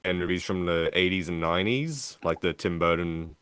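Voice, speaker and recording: A man's voice: deep voice, normal speed, a bit bright, smooth, no room sound, clean studio sound. A man, a podcast co-host telling a story in casual chat, rambling and full of filler words. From Australia.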